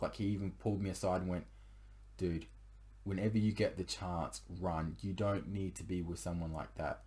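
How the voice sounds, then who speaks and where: A young man with a lowish voice tells a personal story in casual confessional style. He rambles, with frequent fillers and restarts. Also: darkish tone.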